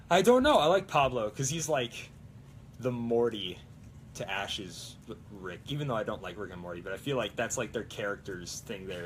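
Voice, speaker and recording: A man's voice: on the low side, a bit bright, a little hiss or hum. A young man hosting a prop-building live stream, chatting casually and rambling with plenty of fillers. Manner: rambling, lots of fillers and restarts.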